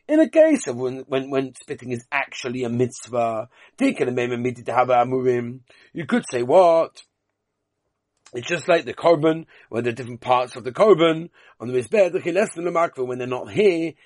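A man's voice: mid-range voice, dry recording. A man leading a Talmud class, reading the Aramaic text aloud and explaining it in with frequent questions. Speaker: Talmud teacher.

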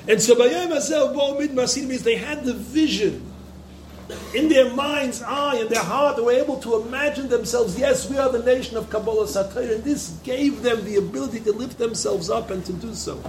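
A man with a very high voice gives an impassioned Torah lecture to yeshiva students at a moderate pace, repeating phrases for emphasis. The echoey room recording carries a little hiss or hum.

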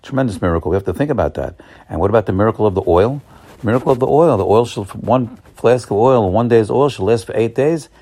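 Sounding like a rabbi, this man has a low, husky voice as he gives a holiday sermon. His delivery starts halting and filler-heavy, then rises into emphatic, excited outbursts.

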